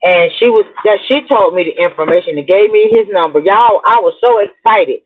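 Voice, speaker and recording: A woman's voice: medium pitch, fairly quick. A middle-aged woman hosting her own show, telling a personal story in a rambling, chatty way and talking straight to her listeners. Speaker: blogger host. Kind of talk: casual storytelling to viewers. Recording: tinny phone-like audio.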